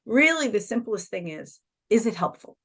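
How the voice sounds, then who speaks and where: A woman's voice: mid-range voice, sing-song, moderate pace, a bit bright, slightly rough. A woman hosting a spiritual interview over a video call, explaining her views with rhetorical questions in a reflective way. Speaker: podcast host. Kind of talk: conversational interview.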